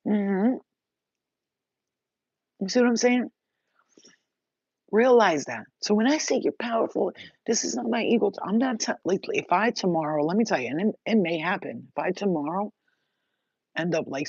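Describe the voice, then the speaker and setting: A woman delivers a spiritual message straight to her listeners, intense and blunt, with casual swearing. Her voice sits at a middling pitch. The recording is muffled and dry, with no room echo. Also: expressive, normal speed, pauses often, a little mellow, breathy edge. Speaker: spiritual reader. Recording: dull, dry lo-fi sound.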